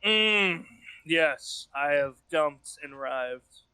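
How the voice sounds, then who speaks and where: A man's voice: on the high side, lively intonation, drawn-out words, pushed and bright, smooth, no echo. A young man who is a podcast regular, speaking emphatically and dramatically, with swearing, over a call. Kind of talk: casual chat.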